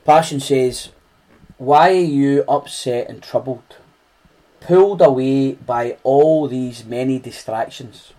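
A man's voice: mid-range voice, slow pace, mellow. A man with a Scottish accent preaching a conversational sermon, earnest and often restarting phrases.

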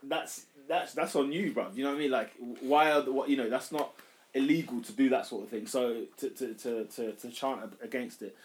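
A man's voice: medium pitch, a little fast. A man co-hosting a casual football chat, loose and chatty, trailing off and restarting sentences. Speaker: podcast co-host.

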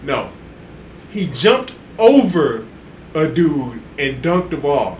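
A man with a high, very lively voice tells sports stories in loose, excitable podcast chat, jumping into acted quotes and laughing loudly. He was recorded in an echoey room with a faint hiss behind him. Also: takes it slowly. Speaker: podcast co-host. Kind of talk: casual chat.

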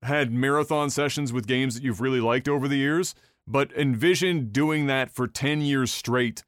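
A man's voice: mid-range voice, normal speed, no room sound, clean studio sound. A man co-hosting a podcast, explaining things in a laid-back, profane way. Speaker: podcast co-host and game reviewer. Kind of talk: casual podcast chat.

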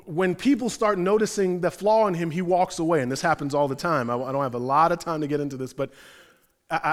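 A male preacher giving a sermon with animated, conversational, slangy storytelling. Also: a little high. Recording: long hall reverb.

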